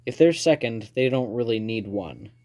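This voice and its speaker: Playful dreamy teenage boy, easygoing and teasing, mellow low tone, read by a man. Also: expressive, moderate pace, lightly acted. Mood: wry.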